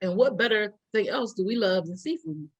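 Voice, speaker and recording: A woman's voice: on the high side, moderate pace, creaky, lo-fi sound. A woman in her thirties co-hosting a podcast, chatting casually and laughing often while she eats. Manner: animated, laughs often, eating while talking. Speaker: podcast co-host. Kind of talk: casual chat over a meal.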